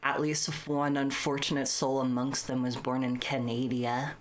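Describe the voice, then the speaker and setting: A woman's voice: a bass voice, little pitch movement, normal speed. A woman streamer chatting casually on a live stream, blunt, profane and teasing.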